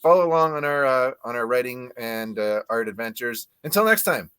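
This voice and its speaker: A man's voice: mid-range voice, expressive, brisk, a bit bright, smooth, no room sound. A man hosting a casual film review chat, talking loosely with lots of "like" fillers. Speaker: podcast host.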